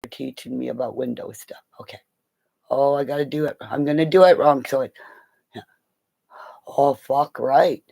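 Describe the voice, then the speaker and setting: On a livestream, a middle-aged woman with a very deep, gravelly voice tells rambling animal stories at a moderate pace, pausing often. She is excitable, laughing and swearing as she jumps from one story to the next. The recording is rough.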